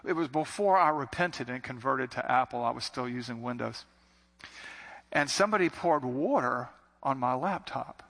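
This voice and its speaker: A man's voice: medium pitch, pushed and bright. A man preaching a sermon in an earnest, conversational way, circling back to repeated phrases. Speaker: pastor. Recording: long hall reverb.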